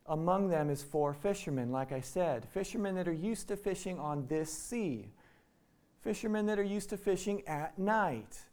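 A man's voice: a little high, darkish tone. A man from Iowa preaching a sermon in a conversational way, acting out the quoted lines. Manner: conversational, acts out quotes in voices. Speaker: pastor.

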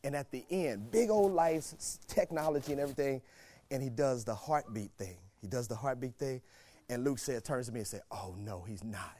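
A male pastor preaching a sermon, moving from quiet storytelling to shouted exhortation and repeating phrases for emphasis. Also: medium pitch, brisk. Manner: repeats phrases for emphasis, laughs between points.

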